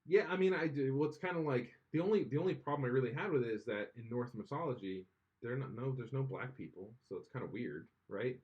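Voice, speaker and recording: A man's voice: mid-range voice, animated, quick pace, muffled recording. A man co-hosting a casual podcast chat, rambling and opinionated, full of restarts. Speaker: podcast co-host.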